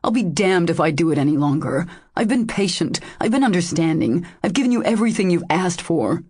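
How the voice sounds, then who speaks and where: A woman's voice: on the low side, lively intonation, a little fast, darkish tone, breathy edge. A woman voicing a jealous, angry lover who speaks harshly and coldly, in an audiobook. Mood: harsh, bitter. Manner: harsh, cold, cutting.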